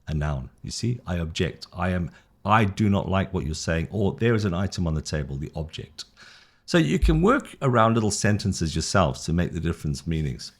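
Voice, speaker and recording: A man's voice: low-pitched, very animated, normal speed. A middle-aged British man teaching an English lesson in a casual one-to-one style, enthusiastic and rambling, often tongue-tied and laughing at his own slips. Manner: rambling, gets tongue-tied, self-deprecating.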